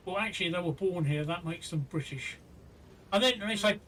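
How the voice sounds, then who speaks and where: A man's voice: high-pitched, fast, a bit bright. A man hosting a live stream, talking earnestly and indignantly, often repeating himself. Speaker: host of a live stream show. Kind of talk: casual live-stream chat. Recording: distant from the mic with faint noise.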